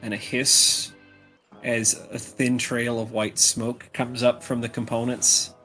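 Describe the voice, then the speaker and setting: A man narrating a tabletop game as game master, slow and halting with many fillers. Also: medium pitch, little pitch movement, pushed and bright, faint music behind.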